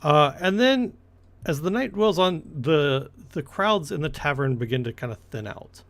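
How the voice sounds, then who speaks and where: A man's voice: fairly high pitch, animated, moderate pace, fairly bright tone. A man narrating a tabletop game as game master, rambling with many fillers and restarts.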